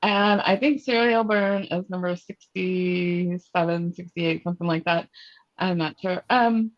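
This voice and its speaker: A woman's voice: fairly low pitch, fairly even intonation, measured pace, dry recording. Middle-aged woman author, chatty and self-mocking, dull dry call audio. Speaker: guest author. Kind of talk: casual self-introduction on a group call.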